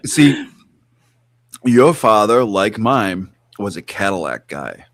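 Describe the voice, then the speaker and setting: A middle-aged man in a relaxed chat, telling stories with animated asides and plenty of swearing. His voice sits low, and the sound is dry and close. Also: takes it slowly, no room sound. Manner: animated storyteller, swears freely, acts out bits. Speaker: podcast host. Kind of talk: casual chat.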